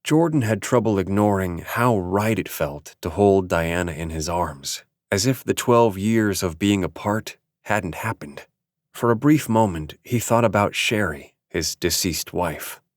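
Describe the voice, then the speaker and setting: Man narrating an audiobook, low voice. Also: expressive, unhurried, no echo, studio quality. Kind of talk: scripted narration.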